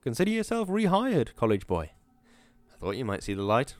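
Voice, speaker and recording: A man's voice: medium pitch, very animated, fairly quick, no room sound, voice pushed up, natural voice. A man reading the lines of a cold, bullying middle-aged mill foreman, with a sneering, menacing delivery. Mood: mocking.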